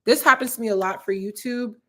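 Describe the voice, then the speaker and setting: This woman's voice sits on the higher side, with a fairly bright tone and a slightly quick pace. In her twenties and from Philadelphia, she hosts a YouTube livestream at her apartment, rambling chattily, reading viewer comments, and leaning heavily on "like" and "um."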